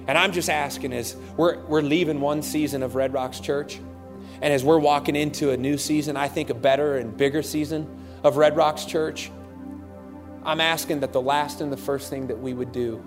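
A man's voice: on the high side, steady tone, normal speed, over music. A man preaching a sermon as pastor, reading scripture aloud with fervent, rising intensity in a large church auditorium. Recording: long hall reverb.

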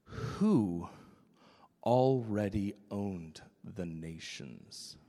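Animated preacher in a big reverberant hall. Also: male voice, on the low side, extremely slow. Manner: animated preaching with voiced quotes, drops to a whisper for emphasis. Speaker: pastor. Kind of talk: sermon.

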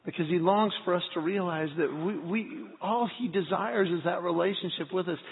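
A middle-aged man, a pastor, preaching a sermon and telling personal stories in a lively, earnest way. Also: high-pitched, moderate pace, vocal fry. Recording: tinny phone-like sound with long hall reverb.

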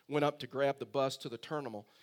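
A man's voice: medium pitch, steady tone, fast. A male pastor preaching a sermon in a conversational storytelling way, full of rhetorical questions.

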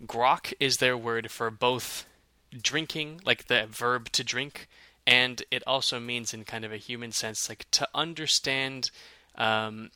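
Male podcast co-host, bright tone, chatty and halting, dry booth sound. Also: mid-range voice, dry recording. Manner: chatty, hesitant, many fillers and restarts. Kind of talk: casual chat.

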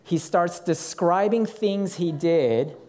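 A middle-aged man preaching, telling a personal story in an animated way and acting out what people said. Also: sits high, slow. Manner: animated storytelling with acted quotes. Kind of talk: sermon storytelling.

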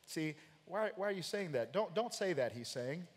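A high-pitched American man preaches with emphatic, dramatic delivery, acting out the lines of the figures in his stories. His voice rings with long reverb through a church sanctuary. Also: animated, moderate pace. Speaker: pastor. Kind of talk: sermon.

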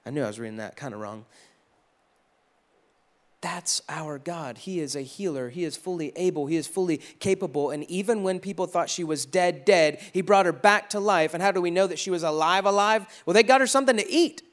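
A man preaching a casual, conversational sermon, animated and acting out crowd voices. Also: sits high, fairly quick. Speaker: pastor.

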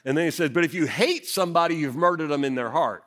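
A man's voice: fairly high pitch, fast. A man, a senior pastor preaching a sermon, telling stories and acting out the quotes in them. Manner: animated storytelling, acts out quotes.

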